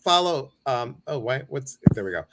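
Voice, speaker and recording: A man hosts a relaxed livestream and chats in a playful, joking way. His voice sits at an ordinary middle pitch, and he gets a bit flustered now and then. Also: normal speed, a little hiss or hum. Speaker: host. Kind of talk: casual livestream talk.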